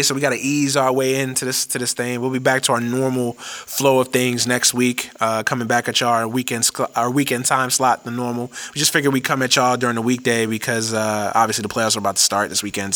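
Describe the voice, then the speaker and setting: A man's voice: medium pitch, level tone, brisk, pushed and bright. A man hosting a sports podcast, ranting casually with lots of cursing and stuttered restarts. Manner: profane, ranting, many restarts. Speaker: podcast host.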